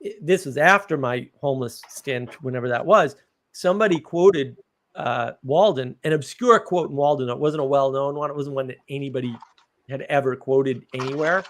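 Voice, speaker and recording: A man's voice: mid-range voice, moderate pace. A man hosting a live stream, rambling through personal stories in casual chat with blunt remarks and casual swearing.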